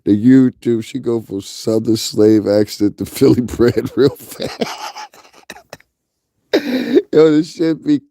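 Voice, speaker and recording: A man's voice: mid-range voice, lively intonation, slow, pauses often, mellow, no room sound, clean studio sound. A young man from the US tri-state area with a Northeastern accent, hosting casual gossip commentary, joking crudely and laughing often. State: sleepy, up early. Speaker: commentary channel host.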